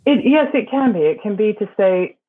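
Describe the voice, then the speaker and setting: A woman's voice: medium pitch, lively intonation, normal speed. Woman coach on a tinny phone-like line. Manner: reflective, explains with examples. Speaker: voice and performance coach. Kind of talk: interview guest.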